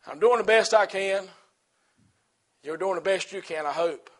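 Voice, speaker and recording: A man preaching a sermon to his church, swinging from loud, rhythmic exhortation to hushed, quiet passages, in plain colloquial speech. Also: high voice, normal speed. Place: church service.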